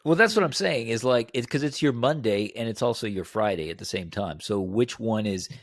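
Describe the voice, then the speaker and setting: A man's voice: medium pitch, expressive, a little fast, no echo, clean studio sound. A man co-hosting a podcast, asking curious questions in casual chat. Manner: curious, keeps pressing a question. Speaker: podcast co-host.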